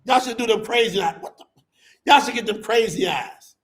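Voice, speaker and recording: Fired-up, very high-voiced male preacher. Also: normal speed. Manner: animated, emphatic, bursts into shouting; colloquial, addresses listeners as y'all. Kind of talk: fiery sermon to a live audience.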